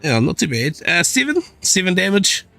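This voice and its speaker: A man's voice: high-pitched, moderate pace, gravelly, no echo, faint music behind. A man playing a tabletop game, describing his character's actions eagerly and laughing often. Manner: laughing, animated, describes his moves with relish. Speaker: player. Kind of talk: casual tabletop play.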